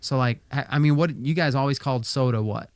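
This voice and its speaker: A man hosting a podcast in casual chat, raised in the American South with a faded Southern accent, animated and quick to laugh. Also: mid-range voice, no room sound. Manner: animated, chatty, laughs often. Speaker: podcast host.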